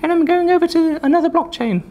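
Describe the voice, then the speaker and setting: A man's voice: fast, mellow. A man voicing a tiny, frightened crypto coin that speaks in a very small, meek voice. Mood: timid. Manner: meek and squeaky.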